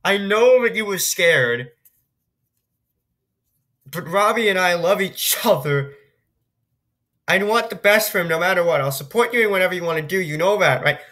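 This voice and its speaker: A woman's voice: on the low side, expressive, normal speed, pauses often, fairly bright tone, pitched below the performer's own voice. A woman reading the lines of a worried, doting mother in a text game, with anxious, pleading questions.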